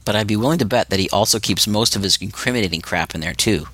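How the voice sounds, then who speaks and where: A man voicing a defiant, sharp-tongued young goth woman held captive, speaking bluntly with scorn and curses. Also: lowish voice, quick pace. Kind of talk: audiobook character reading.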